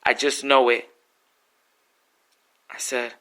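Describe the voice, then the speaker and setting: Intense spoken-word man, bright clear voice. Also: medium pitch, steady tone, measured pace. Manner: emotional, intense, pleading.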